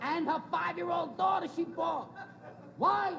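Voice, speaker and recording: A man's voice: very high voice, creaky. A male stand-up comedian telling a story with punchy timing and silly sound effects. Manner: brisk punchy joke delivery with sound effects. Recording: echoey hall with loud crowd laughter and noise. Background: crowd laughing.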